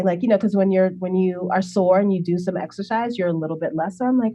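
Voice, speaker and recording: Animated storytelling woman in her forties. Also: medium pitch, fast talker, few pauses, lo-fi sound. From Brooklyn, New York City. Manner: animated, chatty, acts out remembered dialogue, laughs often. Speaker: interview guest. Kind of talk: casual conversational storytelling.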